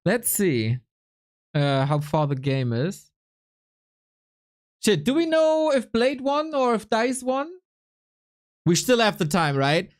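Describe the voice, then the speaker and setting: A woman's voice: mid-range voice, sing-song, slow pace, long pauses. A woman with a German accent, an esports caster chatting casually on a livestream, playful, laughing and swearing often.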